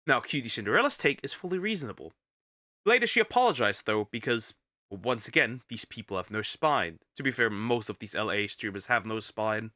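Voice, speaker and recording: A man with a bright, forward voice talks through a reaction video while a little sick. His commentary is casual and rambling, full of restarts and repeated words. The sound is dry and close to the mic. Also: medium pitch, expressive, brisk, no room sound.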